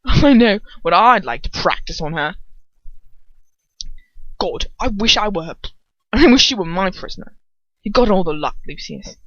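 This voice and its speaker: A woman's voice: medium pitch, expressive, normal speed, pauses often, no room sound, highs cut off, lightly acted. A woman voicing a drunk, leering brutish wizard who slurs his words, in a fan-fiction audiobook. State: drunk, slurring.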